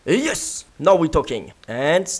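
Let's-play host, leisurely delivery, giggly and animated, pitch all over the place. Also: slow pace, slightly rough. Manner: playful, with yelps, giggles and mouth sound effects. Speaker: gaming video creator.

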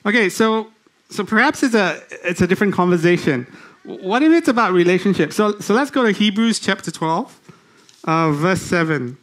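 Man, lay preacher, church sermon, somewhat high voice, interactive, halting restarts, slow scripture reading. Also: expressive, fairly bright tone. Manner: reads scripture slowly.

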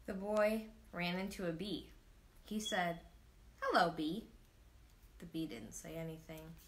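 A woman reading a children's storybook aloud to a live audience, expressive, with asides to her listeners. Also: on the low side, measured pace, a little hiss or hum.

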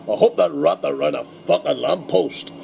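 A man playing a blustering old Northern Irish preacher-politician in a radio comedy sketch, with a gravelly Northern Irish voice and a gruff, crude, sarcastic manner. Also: on the high side, normal speed, highs cut off, slight background noise.

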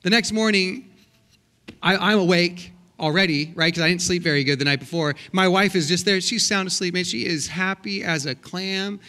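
Animated, bright-voiced male preacher. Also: high voice, normal speed. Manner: animated, comic storytelling with voiced quotes. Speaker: guest pastor. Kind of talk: sermon with storytelling. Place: church sanctuary.

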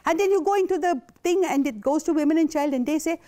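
A woman's voice: sits high, animated, quick pace, few pauses, mellow. An older woman, giving a passionate, indignant conference talk. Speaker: invited speaker.

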